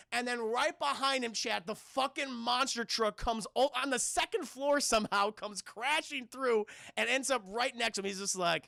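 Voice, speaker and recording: A man's voice: very high voice, moderate pace, gravelly, hardly any pauses, bright, forceful tone, dry recording, studio quality. A man streaming a casual scene-by-scene film recap to his chat, rambling and profane and often calling out to the viewers.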